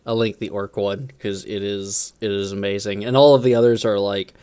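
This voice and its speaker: A man's voice: on the low side, fairly even intonation, normal speed, darkish tone, smooth. A man hosting a streamed tabletop game as game master, chatting casually and enthusiastically, rambling with many restarts.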